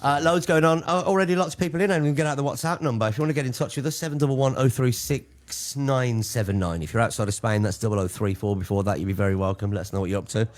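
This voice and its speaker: A man co-hosting a live radio chat show, cheeky and teasing, in casual banter. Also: mid-range voice. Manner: cheeky, teasing, quick asides.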